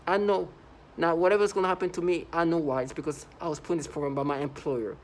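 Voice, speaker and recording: A man's voice: on the high side, steady tone, fast, a little hiss or hum, poor audio. A man recording a first-person video monologue, talking urgently and repeating himself, with lots of "like" between his points. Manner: urgent, repetitive, heavy use of "like". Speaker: vlogger.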